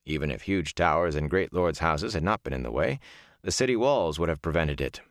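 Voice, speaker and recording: A man narrating an audiobook chapter in an expressive storytelling manner. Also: a bass voice, fairly quick, dry recording, clean studio sound. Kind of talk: scripted narration.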